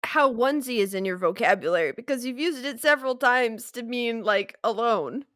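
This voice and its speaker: A woman co-host talks casually in a slightly high voice, recorded dry and close. She is wry and exasperated, and she often breaks into laughter. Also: lively intonation, normal speed, fairly bright tone, dry recording. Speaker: podcast co-host. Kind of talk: casual chat.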